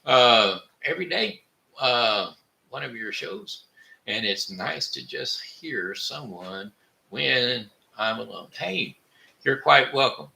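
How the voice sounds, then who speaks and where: Gravelly slow-talking man. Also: medium pitch, lively intonation, sharp tone, low-quality recording. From Missouri, USA. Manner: rambling and halting, with many fillers and restarts. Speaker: livestream host reading chat. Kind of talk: casual live-stream chat.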